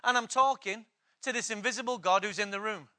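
High, bright-voiced male preacher. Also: a little fast. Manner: emphatic, repeats phrases, asks the congregation questions. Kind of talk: sermon.

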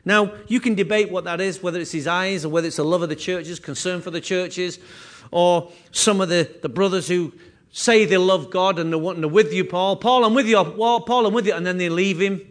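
High-voiced man preaching a sermon. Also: steady tone, brisk. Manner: earnest preaching with repeated phrases and restarts. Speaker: pastor.

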